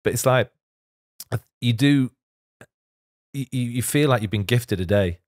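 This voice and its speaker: A man's voice: medium pitch, unhurried, dry recording, clean studio sound. A middle-aged man, a guest on a podcast, talking candidly in casual chat, laughing often and sometimes tearful. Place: podcast studio. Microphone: studio microphone.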